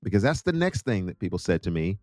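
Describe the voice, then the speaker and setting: An American man hosts his own show, telling travel stories in a casual, jokey way. He's animated and puts on voices for quotes, speaking fast in a low-pitched voice on a dry recording.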